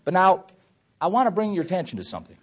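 A man preaching a Bible teaching sermon, swelling loud on quoted scripture and dropping low on asides. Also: big pitch swings, fast, slightly rough, highs cut off.

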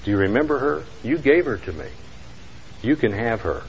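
A man voicing a five-year-old girl who softly pleads to keep her toy. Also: medium pitch, normal speed, highs cut off, slight background noise, lightly acted. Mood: pleading.

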